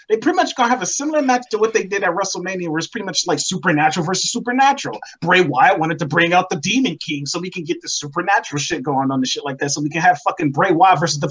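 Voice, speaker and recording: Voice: mid-range voice, fairly bright tone, husky. A person in a casual chat on a video call, complaining heatedly and profanely. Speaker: podcast co-host. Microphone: video call mic.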